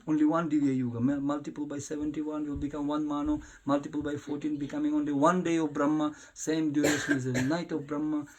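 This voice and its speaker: A man giving a devotional talk in a house, telling stories in an animated way with frequent laughter. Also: a little high, fast talker, hardly any pauses. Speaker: spiritual teacher. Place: private house.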